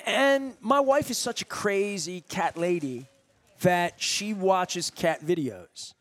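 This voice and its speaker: A man's voice: high-pitched, lively intonation, takes it slowly, fairly bright tone, dry recording. A middle-aged man hosting a radio interview in a restaurant, telling a long story in a loose, rambling way with many restarts. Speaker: radio host. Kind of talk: casual interview chat.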